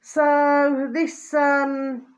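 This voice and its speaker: In a high, monotone voice delivered very slowly, a woman vlogger rambles on to her viewers. The casual monologue is repetitive and often irritated, full of venting, pet phrases, and the recurring question "do you see what I mean."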